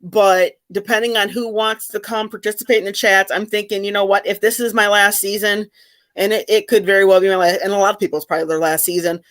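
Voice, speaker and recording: A middle-aged woman hosting a casual video chat with fans, talking in an animated way with many restarts. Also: medium pitch, quick pace. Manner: chatty, animated, frequent restarts. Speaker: host of fan discussion chat.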